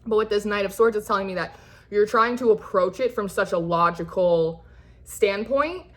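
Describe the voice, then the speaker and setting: Woman, young adult, tarot reader, casual rambling talk, reassuring, mid-pitched. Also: moderate pace. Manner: chatty, rambling, many fillers and restarts; reassuring and encouraging. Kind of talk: casual spoken tarot reading.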